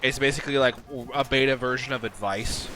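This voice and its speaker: A man's voice: medium pitch, quick pace. A young man in casual chat while gaming, rambling with lots of fillers and restarts. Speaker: podcast co-host and gamer. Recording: game sound noise behind. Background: video game gunfire.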